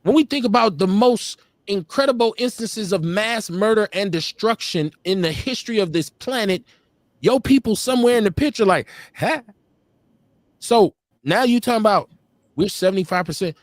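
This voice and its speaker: High, animated man, blunt and profane. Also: normal speed, no room sound. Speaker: podcast co-host. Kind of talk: casual live-stream commentary. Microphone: streaming call.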